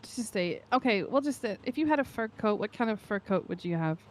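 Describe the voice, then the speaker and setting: A woman playing a deadpan, teasing young woman. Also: mid-range voice, a little fast, a little hiss or hum, close to an everyday voice.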